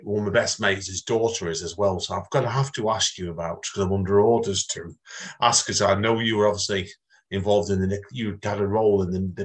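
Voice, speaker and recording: A man hosting an interview, asking questions in a rambling, repetitive way. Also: low-pitched. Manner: rambling, repeats himself, many restarts. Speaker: interview host. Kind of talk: casual interview chat.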